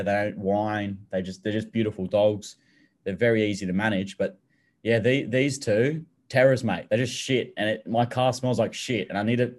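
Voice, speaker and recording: Young Australian male podcast co-host, slightly low voice, relaxed and chatty. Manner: laid-back, laughs often, swears, repeats words. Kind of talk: casual chat.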